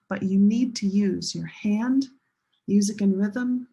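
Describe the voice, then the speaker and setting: A woman teaching a pronunciation lesson, leading learners through slow chanted drills. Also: medium pitch, gravelly, warm tone, breathy edge. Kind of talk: classroom lesson.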